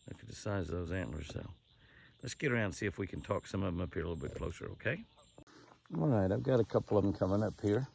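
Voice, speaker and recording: A man's voice: deep voice, vocal fry, a little mellow, slight background noise. A man narrating casually outdoors while feeding deer, folksy and coaxing them closer in a sing-song call. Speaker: ranch owner and show host.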